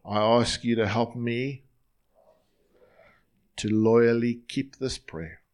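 A man's voice: mid-range voice, fairly even intonation, slow, a little mellow, clean tone. A male pastor leading his congregation in an earnest, line-by-line prayer during a sermon in a church.

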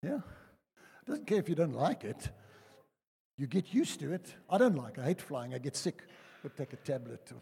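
An older South African man preaching a sermon, telling personal stories in a chatty way that swings between loud and hushed. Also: fairly high pitch, normal speed, gravelly, long pauses, breathy edge. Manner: conversational storytelling, lively swings from loud to hushed. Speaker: pastor. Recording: reverberant church hall.

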